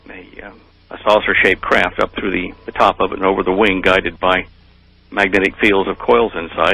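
A man's voice: low voice, gravelly, bright, forceful tone, low-quality recording. An older man telling his story in an interview, rambling and hesitant with many fillers. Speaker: interview guest.

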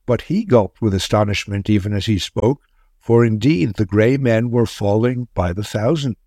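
A man narrating a wartime tale in a measured, grave storytelling manner. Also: fairly low pitch, mellow, no echo, studio quality.

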